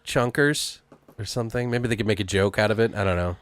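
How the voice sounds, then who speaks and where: A man co-hosting a podcast, pitching a story in casual chat with rambling, profane storytelling. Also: quick pace, no room sound. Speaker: podcast co-host.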